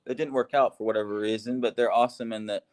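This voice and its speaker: A man's voice: lowish voice, steady tone, quick pace, a little mellow. A man co-hosting a casual conversation, upbeat and enthusiastic, laughing easily. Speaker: co-host, expat living in Laos.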